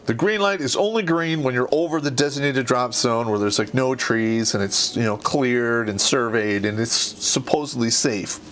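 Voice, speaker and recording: A man hosting a podcast, telling a profane, animated story about his Army days and laughing through it. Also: medium pitch, moderate pace, few pauses, slight background noise. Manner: animated storyteller, heavy swearing, laughs mid-sentence. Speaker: podcast host and Army veteran. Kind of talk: profane comedic war story.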